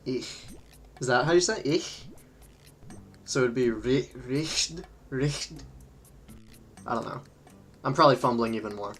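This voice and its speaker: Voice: mid-range voice, animated, moderate pace, long pauses, faint music behind. A livestream host chatting casually while playing a game, rambling between topics and laughing often. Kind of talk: casual gaming livestream chat.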